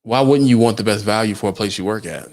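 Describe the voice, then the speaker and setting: A man's voice: lowish voice, quick pace, a little mellow. A young adult man, a truck driver, talking casually on a livestream, firing emphatic rhetorical questions at his viewers.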